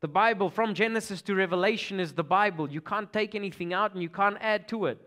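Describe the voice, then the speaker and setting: A pastor with an Afrikaans South African accent preaching a sermon, swinging from loud urgent calls to hushed, near-whispered passages. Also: male voice, sits high, fast talker.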